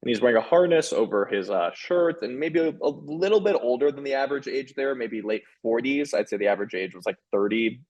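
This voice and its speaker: A man's voice: medium pitch, animated, fairly quick, few pauses, darkish tone, muffled recording. A man in his thirties, an author and sex columnist, talking frankly and animatedly as a guest, with many restarts and fillers. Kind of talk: candid conversational interview.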